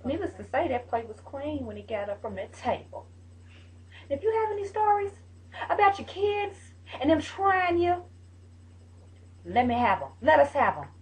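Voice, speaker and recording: A woman's voice: high voice, sing-song, normal speed, slight background noise. A woman who is a mother, hosting a vlog and telling viewers a family story in a chatty, emphatic, scolding way.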